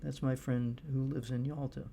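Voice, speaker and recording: A middle-aged man giving casual monologue commentary, halting often with fillers and restarts. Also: mid-range voice, little pitch movement, creaky, dark tone. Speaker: political commentator.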